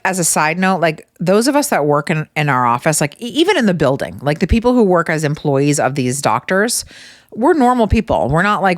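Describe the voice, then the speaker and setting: A woman hosting her own podcast, telling funny stories in a casual, animated way and swearing freely. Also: deep voice, dry recording, clean studio sound. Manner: animated, profane, exasperated storytelling. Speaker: podcast host. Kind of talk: casual comedic storytelling.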